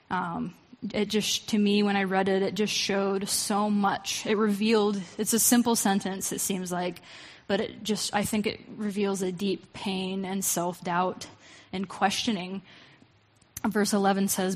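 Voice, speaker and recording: A woman's voice: mid-range voice, a little slow, in a large hall. Chatty woman preaching casually. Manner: conversational, animated, lots of fillers and asides. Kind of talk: casual sermon with Bible reading.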